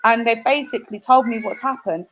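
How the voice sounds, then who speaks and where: A woman's voice: a little high, a little fast, fairly bright tone, slight background noise, rough recording. A young woman, telling an earnest personal story in a casual discussion, correcting herself as she goes. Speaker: panel guest.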